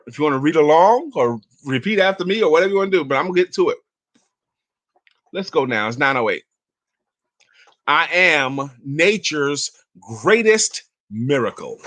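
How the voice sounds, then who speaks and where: A man's voice: on the high side, a bit bright, no echo. A man in his fifties hosting an inspirational talk, telling stories and reading aloud in an emphatic, chatty way. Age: 50s. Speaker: motivational talk host.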